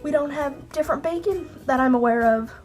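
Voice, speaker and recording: A woman's voice: high-pitched, a little fast, darkish tone, soft background music. A woman vlogging to camera in a chatty, rambling, jokey way, sounding a little sick with a cold. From Canada. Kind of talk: casual chat to camera.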